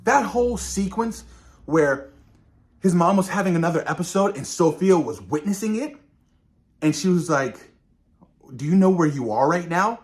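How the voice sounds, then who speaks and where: Male reaction host, fairly high voice, lively swoops, chatty episode breakdown. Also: normal speed, pauses often. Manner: animated, addresses viewers as "you guys", acts out characters' lines. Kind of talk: casual TV episode review.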